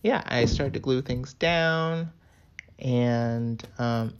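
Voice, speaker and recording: A slightly raspy man giving a casual, playful craft tutorial. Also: mid-range voice, extremely slow, dull audio. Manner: chatty and playful.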